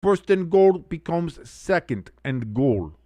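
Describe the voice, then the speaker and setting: A man hosting a sports watch-along stream, giving excitable play-by-play with blunt, profane reactions. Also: a little high, takes it slowly, dry recording. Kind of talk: casual live sports commentary.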